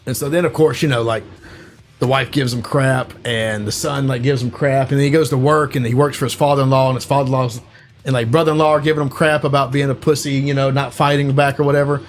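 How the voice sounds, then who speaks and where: A man's voice: medium pitch, steady tone, quick pace. Podcast co-host, a man, loose rambling recap of a film with faint music behind him. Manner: rambling, full of "like" and "you know". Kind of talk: casual chat retelling a movie plot.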